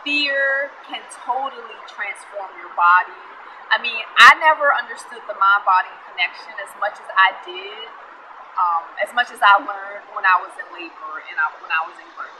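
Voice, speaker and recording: A woman's voice: mid-range voice, bright, forceful tone, slight background noise, low-quality recording. A pregnant young woman talking casually to camera in a vlog, explaining earnestly with fillers and small laughs. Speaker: vlogger.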